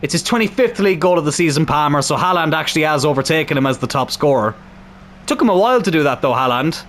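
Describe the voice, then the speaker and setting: A young man with a high voice and a slightly sore throat narrates his football video game. He calls the play calmly, then erupts into shouting and swearing when goals go in. A faint hiss of noise sits behind him. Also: quick pace. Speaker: gaming YouTuber. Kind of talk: excitable football game commentary.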